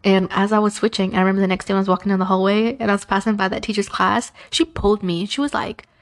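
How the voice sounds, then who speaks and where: A young woman hosts a podcast in a fast, medium-pitched voice. She chats casually and tells stories in an animated way, acting out the quotes of the people in them.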